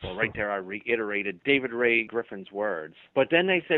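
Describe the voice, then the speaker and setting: A man's voice: mid-range voice, big pitch swings, normal speed, few pauses, no room sound. A man being interviewed as an author on a talk radio show, speaking emphatically and acting out imagined dialogue. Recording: tinny dry phone line.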